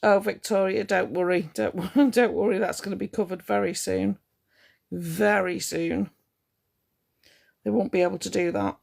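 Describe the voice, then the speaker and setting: A woman's voice: mid-range voice, steady tone, unhurried, vocal fry, darkish tone. A woman ranting on a live stream to her viewers, indignant and confrontational, hammering her points home by repeating them.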